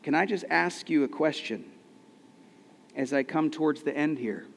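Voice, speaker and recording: Male pastor, thirties, slightly high voice, earnest conversational sermon, long hall reverb. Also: normal speed, gravelly. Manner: conversational, earnest, rhetorical questions.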